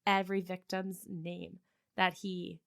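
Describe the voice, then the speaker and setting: A woman's voice: lowish voice, level tone, creaky, a bit bright. Woman, casual podcast chat, exclaims often, valley-girl fillers. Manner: reactive, quick exclamations and gasps, valley-girl "like". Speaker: podcast co-host listener.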